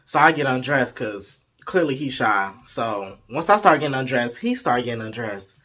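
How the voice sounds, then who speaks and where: A man's voice: medium pitch, animated, normal speed, sharp tone. A young man telling a frank, profane, playful story in a casual way, slipping into the voices of the people in it. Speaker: vlogger.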